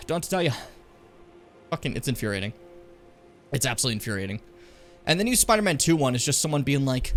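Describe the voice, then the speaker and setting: A man streaming a game, chatting casually and ranting with lots of swearing, loud one moment and muttering the next. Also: mid-range voice, fairly quick, soft background music. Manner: animated, swearing, ranting loudly then muttering. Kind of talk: casual gaming stream chat and rant.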